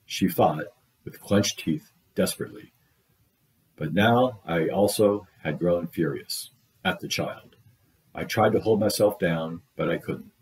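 A man reading a short story aloud in a steady, measured way, voicing the dialogue as he goes. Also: low voice, poor audio. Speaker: audiobook reader. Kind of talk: read-aloud literary narration.

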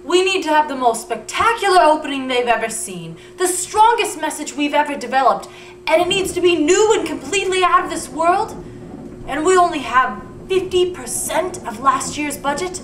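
A woman acting a brisk, take-charge phone call in a home comedy skit. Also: high voice, lively intonation, a bit bright. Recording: echoey, distant, noisy home recording.

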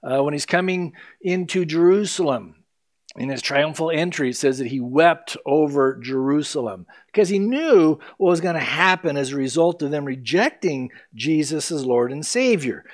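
Earnest higher-voiced male pastor preaching. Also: animated, normal speed. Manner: earnest, conversational teaching with emphatic quoted lines. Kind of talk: sermon.

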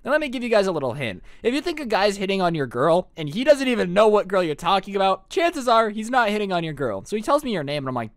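Young man, storytime vlog, sarcastic, joking, lively pitch, dry close sound. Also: fast, few pauses, dry recording. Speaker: storytime YouTuber.

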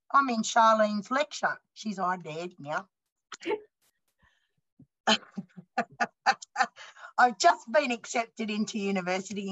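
Blunt, bright-voiced Australian woman in her fifties. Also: on the high side, dull audio. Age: 50s. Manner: blunt, animated storytelling with acted-out dialogue. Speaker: panelist and university student. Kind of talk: storytelling on a panel.

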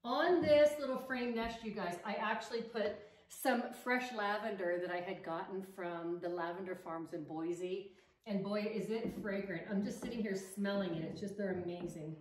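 Arranging pieces at home for her DIY decor vlog, a woman chats with enthusiasm and thinks out loud. She speaks at a moderate pace with a medium pitch and fairly even intonation, recorded from a distance with roomy echo and a bit of faint noise.

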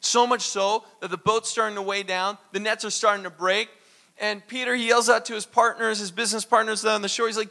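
A man preaching a sermon as pastor, animated and acting out little dialogues. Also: high voice, normal speed.

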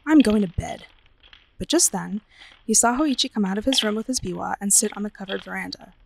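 A woman librarian reads a spooky tale aloud, shaping each line with drama. Her mid-pitched voice carries a gravelly edge. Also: fast talker, a little hiss or hum, rough recording. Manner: expressive, dramatic storytelling. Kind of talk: storybook reading aloud.

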